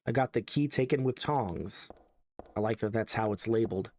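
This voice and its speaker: A man's voice: on the low side, moderate pace, darkish tone. A man casually commentating a horror video game as he plays, wry and chatty, reading the on-screen text aloud. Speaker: let's play gamer.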